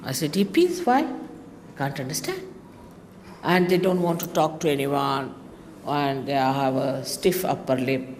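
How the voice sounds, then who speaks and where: A woman, giving a spiritual talk to her followers in a lively, teasing manner with mocking asides. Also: very deep voice, a little slow, a little hiss or hum. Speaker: spiritual teacher. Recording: long reverb of a hall, faint ambience.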